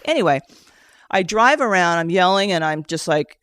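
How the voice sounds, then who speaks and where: Woman, emotional storyteller, animated, dry close sound. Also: on the low side, moderate pace, no room sound. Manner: animated, jumps into quoting herself and others; tears up while telling it. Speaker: session participant sharing a story.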